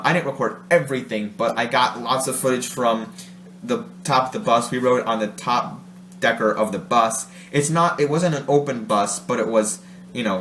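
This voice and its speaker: A man from Ohio, USA, with a mid-range, slightly bright voice, delivers a casual vlog monologue. Rambling and often laughing, he keeps correcting himself, while the roomy room adds a faint hum.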